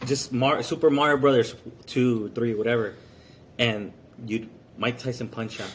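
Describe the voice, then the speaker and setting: A man's voice: mid-range voice, fairly even intonation, moderate pace, slight background noise. A man co-hosting a casual podcast, telling loose stories full of fillers. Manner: rambling storyteller, many fillers. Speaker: podcast co-host. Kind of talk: casual chat.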